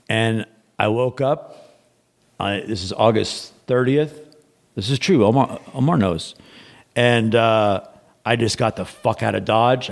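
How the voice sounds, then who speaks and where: On a podcast, a male guest with a lowish voice and vocal fry rambles casually through a long story. He acts out what people said and swears freely.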